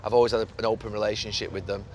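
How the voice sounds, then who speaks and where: A man's voice: fairly low pitch, level tone, very fast, a little hiss or hum. A man from the north of England, talking earnestly in a casual conversation while walking and repeating words as he thinks. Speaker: podcast host and pundit. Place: city park outdoors with traffic.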